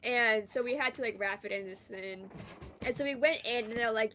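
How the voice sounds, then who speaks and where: A young woman from Canada chats casually over a game stream, rambling through a story with lots of "like" and restarts. Her voice sits a touch high, with a faint hiss of noise underneath. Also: normal speed, fairly bright tone. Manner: rambling storyteller, many fillers. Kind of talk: casual chat while gaming.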